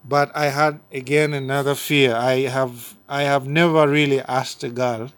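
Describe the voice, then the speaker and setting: A man's voice: medium pitch, fairly even intonation, a little slow, a bit bright, no echo. A man from Uganda, a pastor giving his personal testimony in an interview, speaking earnestly and often repeating or restarting his words.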